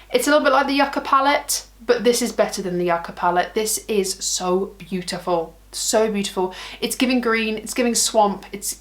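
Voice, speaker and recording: A woman's voice: medium pitch, fairly bright tone. A woman beauty vlogger in a casual, bubbly chat who gushes about products and jokes at her own expense. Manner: gushing, bubbly, self-mocking.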